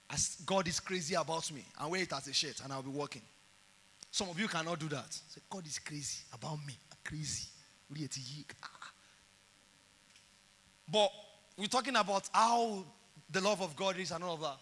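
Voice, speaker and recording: Nigerian male preacher, middle-aged, bright high voice, lively storyteller in an echoey hall. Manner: animated storytelling, acts out dialogue. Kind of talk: sermon.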